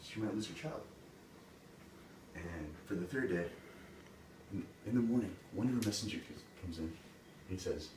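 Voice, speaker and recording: Casual low-voiced male storyteller. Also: moderate pace. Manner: casual, full of "like" and "he's like". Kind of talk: casual retelling of a fairy tale. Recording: roomy, distant mic, background noise.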